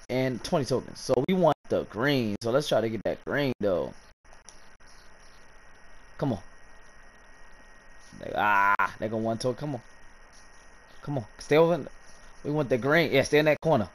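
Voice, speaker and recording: A man's voice: mid-range voice, a little hiss or hum. A man hosting his own gaming channel, talking casually in slang and rambling as he plays and opens packs. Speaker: gaming YouTuber host.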